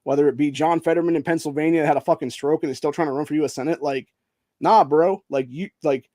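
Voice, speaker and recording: On his own channel, an Ohio host rants heatedly about politics, swearing freely and calling people "dude." His voice is on the high side, quick yet mellow, captured in clean studio sound with no echo.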